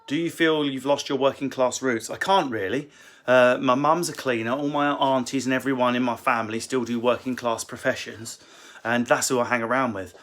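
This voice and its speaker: A male comedian answers viewer questions in a casual live session from a library room at home. His banter is quick, cheeky and crude. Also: mid-range voice, steady tone, fairly bright tone.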